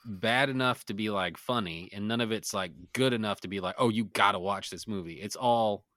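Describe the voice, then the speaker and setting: Bright-voiced podcast co-host, deep. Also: male voice, a little fast, no echo, clean studio sound. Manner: loose, joking, explains the game rules. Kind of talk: casual podcast banter.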